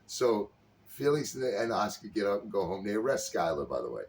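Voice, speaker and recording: A man's voice: fairly low pitch, very animated, a little fast. A man in casual chat, animatedly retelling a sitcom scene and acting out the characters' lines. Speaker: podcast co-host. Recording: slightly distant mic with faint background noise.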